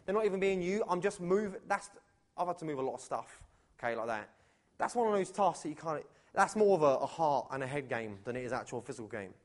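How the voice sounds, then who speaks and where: A man preaching to his church in a lively, conversational way, moving from loud calls to hushed questions. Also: mid-range voice, fast talker. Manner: animated and conversational, swinging from loud to hushed, with many rhetorical questions. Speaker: pastor. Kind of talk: sermon. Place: church, before a live congregation.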